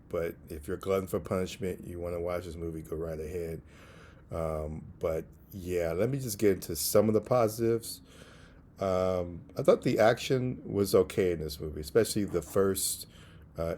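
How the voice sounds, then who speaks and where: A man giving a casual spoken movie review, relaxed and halting, with many fillers and restarts. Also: low voice, slight background noise.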